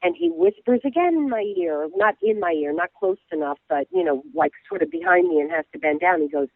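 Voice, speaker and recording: A woman blogger telling a story in casual chat, animated and irreverent, with lots of fillers and restarts. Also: on the low side, brisk, hardly any pauses, dry recording. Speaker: guest blogger. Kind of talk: casual storytelling on a call-in show. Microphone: phone. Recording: tinny phone line.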